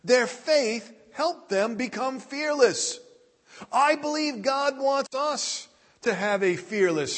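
High-voiced preacher in a reverberant hall. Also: male voice, a bit bright. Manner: deliberate preaching, reading scripture aloud. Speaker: pastor. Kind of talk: sermon.

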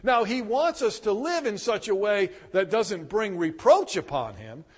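Male pastor, lively swooping delivery, emphatic sermon storyteller, heard in a reverberant hall. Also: sits high, unhurried, breathy edge. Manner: emphatic, animated storyteller, bursts of loud emphasis.

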